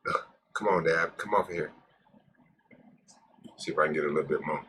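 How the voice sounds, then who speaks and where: A man's voice: very deep voice, brisk, sharp tone, breathy edge. A man hosting a casual live stream, rambling, joking with his viewers and cursing freely. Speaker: cannabis live-stream host.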